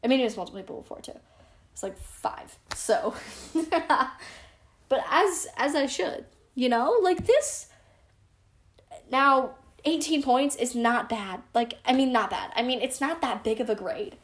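A woman's voice: high-pitched, expressive, a little slow. Chatty teen girl telling stories. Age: teens. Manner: chatty, frank and self-deprecating, heavy use of "like". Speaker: storyteller. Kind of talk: casual storytelling vlog.

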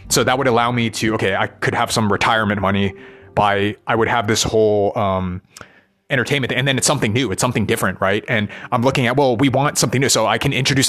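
A man's voice: fairly low pitch, fairly bright tone. A man talking in a rambling monologue, full of restarts and repeated "right?" checks, about his work as a performer. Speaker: musician and performer.

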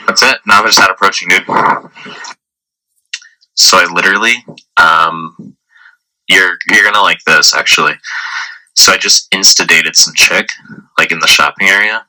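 A man talks in a deep, low register with a very bright, cutting edge to his tone. He rambles casually through a voice message, swearing freely and leaning on filler words. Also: moderate pace, long pauses, rough recording. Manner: profane, rambling, heavy use of filler words. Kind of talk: casual storytelling.

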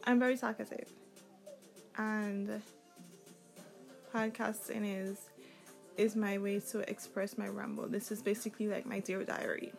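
A woman's voice: mid-range voice, level tone, measured pace, creaky, pauses often, faint music behind, low-quality recording. A young adult woman with a Caribbean accent, hosting a casual solo podcast in a rambling, chatty, candid way. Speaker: podcast host.

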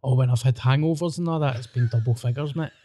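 A young man with a Scottish accent telling crude, animated anecdotes in casual podcast chat. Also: medium pitch, quick pace, no room sound. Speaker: comedian podcast guest.

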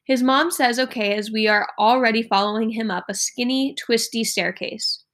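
A woman teacher reading a novel aloud to her class in an expressive way. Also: fairly high pitch, moderate pace, hardly any pauses.

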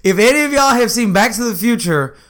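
A young man chatting casually, telling animated stories with lots of laughing and swearing. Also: very high-pitched, brisk. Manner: animated storyteller, laughs often, swears freely. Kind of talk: casual chat.

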